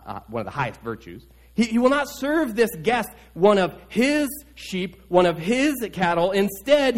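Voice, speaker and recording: A male pastor preaching a sermon, retelling a scripture story animatedly and repeating his key points. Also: very high voice.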